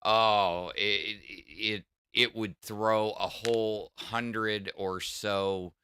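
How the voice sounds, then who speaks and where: A man's voice: on the low side, fairly even intonation, extremely slow, pushed and bright, a little hiss or hum. A middle-aged man with a Southern US accent, chatting on a livestream and explaining technical things in a rambling way, full of restarts. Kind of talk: casual livestream chat.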